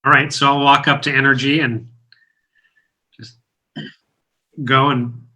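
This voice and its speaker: A man's voice: mid-range voice, flat delivery, measured pace, bright, forceful tone. A man who plays in a tabletop game and speaks in a plain, matter-of-fact way. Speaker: player. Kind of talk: tabletop role-play chat. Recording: music playing behind.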